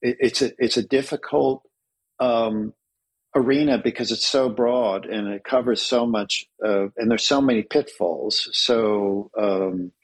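A man interviewed about his work as a church author, speaking in a measured, earnest way and slowing down to stress key words. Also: lowish voice, slightly rough, poor audio. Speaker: interview guest, Orthodox clergy author. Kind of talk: thoughtful conversational interview.

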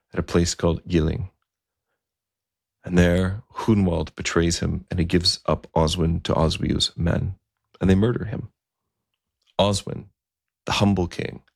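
Deep, gravelly male storyteller. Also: a little mellow, dry recording, studio quality. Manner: conversational, with fillers and asides. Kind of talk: storytelling narration.

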